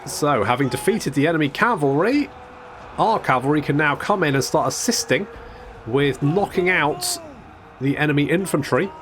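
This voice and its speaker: In this casual let's-play, a male commentator covers a strategy game in a wry, chatty way, swearing here and there and often starting sentences over. His voice sits on the high side, animated and a little bright, at a moderate pace, with some hiss or hum in the background.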